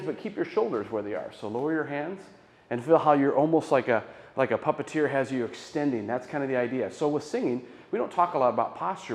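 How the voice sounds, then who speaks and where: A man of ordinary pitch leads a choral warm-up, encouraging the singers and counting each breathing exercise aloud. His voice rings through a large, echoing hall with a long reverb tail. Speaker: choir director. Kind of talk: guided vocal warm-up instruction.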